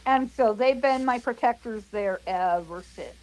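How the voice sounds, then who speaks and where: A woman's voice: on the high side, unhurried, slight background noise, low-quality recording. A middle-aged woman, a guest psychic, telling a story animatedly and dramatically in casual podcast talk, acting out sound effects.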